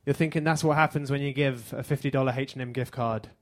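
An English man performing stand-up on a theater stage, his voice pitched at an ordinary middle level. He delivers his lines in a dry, deadpan way and lets each joke land flat. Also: fast talker. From England. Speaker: stand-up comedian. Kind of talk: stand-up comedy set.

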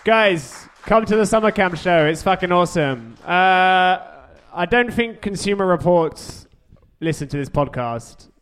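Clear-voiced man hosting a live show. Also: high-pitched, expressive, a little slow, a bit bright. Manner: rambling, awkward humor with filler words. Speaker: podcast host.

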